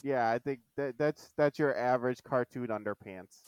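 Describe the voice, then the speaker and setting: A man hosts a relaxed podcast over an online call, recapping a cartoon episode. His voice is smooth and resonant at an ordinary pitch, and he acts out quoted lines with lively energy. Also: normal speed. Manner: animated, retells scenes with quoted lines. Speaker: podcast host. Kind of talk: casual chat recapping a cartoon.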